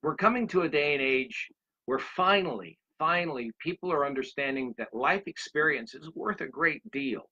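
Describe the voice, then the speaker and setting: Bright-voiced man in his 60s telling stories. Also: on the high side, animated, normal speed, husky. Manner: rambling anecdotes, addresses listeners directly. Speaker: speaker. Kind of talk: motivational storytelling talk. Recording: dull lo-fi recording.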